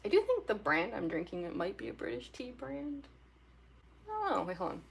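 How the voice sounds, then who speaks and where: A young woman chats with her viewers while she draws on a livestream, giggling often and rambling happily. Her voice is soft and breathy, and she sits at an ordinary middle pitch. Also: wildly swooping pitch, fairly quick. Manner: giggly, laughs often, chatty with many fillers. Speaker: artist livestreamer. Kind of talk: casual livestream chat while drawing.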